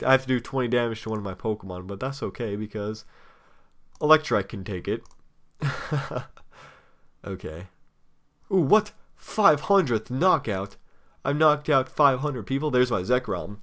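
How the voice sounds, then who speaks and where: A man's voice: fairly low pitch, a bit bright. A young man giving casual, rambling commentary while playing a card game online, impatient and teasing, sometimes talking with chocolate in his mouth. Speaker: let's play host.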